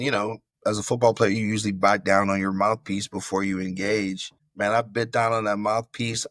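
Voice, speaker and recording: A man's voice: fairly low pitch, a bit bright, no room sound. A middle-aged man from Florida, a former football player, telling a story in a casual interview over a video call. He acts out quoted lines and often calls the host bro.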